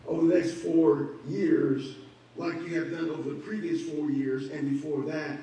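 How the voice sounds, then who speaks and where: A man's voice: fairly high pitch, a little mellow, a little hiss or hum. Man preaching in an echoey church. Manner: preaching with rising emphasis and rhetorical questions. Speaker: pastor. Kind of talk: sermon. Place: church sanctuary. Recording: echoey church hall, distant mic.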